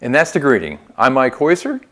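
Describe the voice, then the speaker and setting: Guy running a phone sales training, super animated pitch, keeps asking okay?. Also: a little fast. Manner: upbeat coaching, lively inflection, frequent "okay?" check-ins. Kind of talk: training video lesson.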